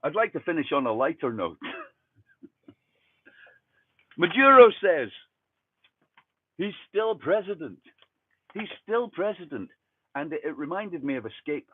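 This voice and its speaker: Man, Fife Scottish accent, sardonic profane rant, lively swooping pitch, tinny phone-like dry sound. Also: husky, dry recording. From Fife, Scotland. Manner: sardonic, profane, conspiratorial asides. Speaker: commentary host. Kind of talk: ranting monologue.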